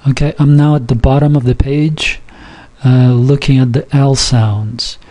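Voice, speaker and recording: In an unhurried, steady manner, a male Yiddish teacher works through a textbook in an informal recorded lesson. He explains pronunciation with many fillers and restarts and carefully sounds out example words, his medium-pitched voice having a dark tone.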